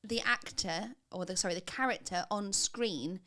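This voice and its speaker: A woman's voice: mid-range voice, normal speed, pushed and bright. A woman hosting a live stream, chatting casually and reading out viewer comments. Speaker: host.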